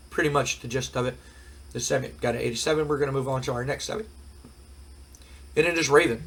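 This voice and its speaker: A man's voice: medium pitch, fast, long pauses, a bit bright, slightly rough. Rambling man with a cold. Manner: rambling casual, many fillers. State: voice cracking from a cold. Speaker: gaming channel host. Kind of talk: let's play recap commentary.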